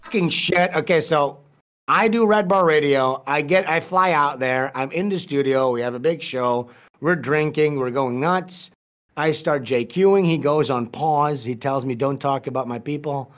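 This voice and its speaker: A man's voice: a little high, a little slow, a bit bright. A man telling a story as a podcast guest, casual, profane and rambling, with many restarts.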